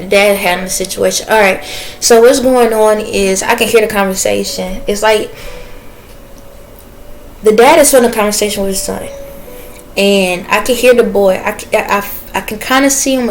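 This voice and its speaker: A spiritual reader chats in a casual vlog, rambling and pausing now and then to listen before speaking to her viewers. Her voice is medium pitch, with slight background noise.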